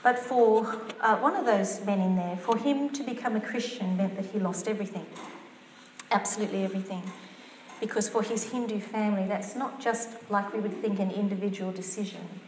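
A woman's voice: medium pitch, steady tone, brisk, a little hiss or hum. A woman preaching a topical sermon in an earnest, conversational way, reading scripture aloud. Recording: roomy church sound.

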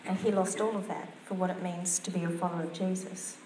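A woman's voice: on the low side, little pitch movement, fast, darkish tone, a little hiss or hum. A woman preaching a topical sermon in an earnest, conversational way, reading scripture aloud. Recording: roomy church sound.

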